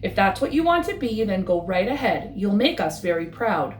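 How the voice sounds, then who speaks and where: A woman's voice: medium pitch, very animated, moderate pace, echoey room, a little hiss or hum, lightly acted. A woman voicing kind, encouraging frog parents in a storybook reading. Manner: warm, encouraging.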